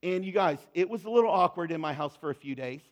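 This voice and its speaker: High-voiced pastor preaching earnestly. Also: male voice, lively intonation, quick pace. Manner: earnest, conversational preaching with sudden soft drops. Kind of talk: sermon.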